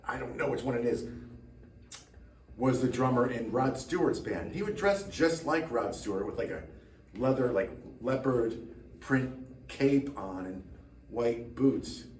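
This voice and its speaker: A man's voice: mid-range voice, measured pace, a little mellow, far from the mic, slight background noise. Tired, rambling man in an echoey room. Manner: rambling, self-mocking, dry jokes. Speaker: drummer and channel host. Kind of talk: casual chat to camera.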